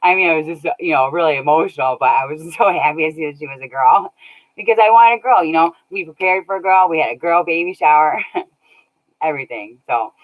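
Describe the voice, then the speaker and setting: A deep-voiced woman talks at a quick pace while streaming, reading chat aloud. She laughs frequently and thanks viewers by name in a casual manner. The recording has a dull, lo-fi quality.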